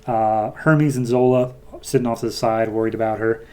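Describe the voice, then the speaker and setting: A man's voice: mid-range voice, steady tone, normal speed, darkish tone, smooth. A man hosting a podcast, recapping a comic book in a loose, chatty way with fillers. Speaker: podcast host.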